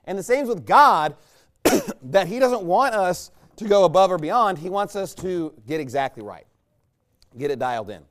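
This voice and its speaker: Folksy male pastor, slightly high voice. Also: big pitch swings, normal speed. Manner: folksy, rambling, peppered with rhetorical "right?". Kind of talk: conversational sermon.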